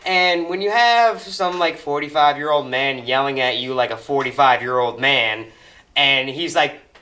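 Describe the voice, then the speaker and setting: A podcast co-host with a bright, sharp voice pitched a little high. He talks casually, swears often and jumps in quickly with reactions and blunt stories. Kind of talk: casual chat.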